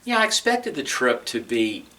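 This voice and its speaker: A man's voice: mid-range voice, very animated, normal speed, sharp tone, recorded from a distance. A man with a Texan accent, recounting his experiences in an oral history interview, telling it conversationally and acting out what people said. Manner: conversational storytelling with restarts, acting out quoted dialogue.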